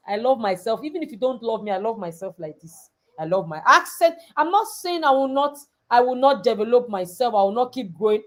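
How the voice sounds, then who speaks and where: Animated high-voiced Nigerian woman coach. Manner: animated, acts out dialogues, coaxing and scolding. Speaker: coach speaking at a girls' summit. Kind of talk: motivational talk.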